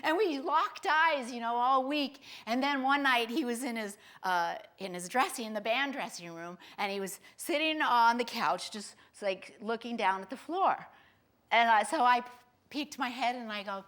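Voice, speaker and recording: A woman comedian telling a wry, self-mocking story on stage in an animated way. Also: fairly high pitch, measured pace. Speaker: stand-up comedian. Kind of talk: stand-up storytelling.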